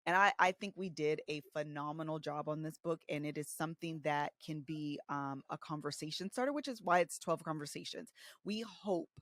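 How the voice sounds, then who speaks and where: A woman in her thirties, co-hosting a podcast and telling candid stories about her own marriage, animated and casual, acting out the voices she quotes. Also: low voice, normal speed, dry recording, clean studio sound. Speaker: podcast co-host. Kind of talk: candid conversational storytelling.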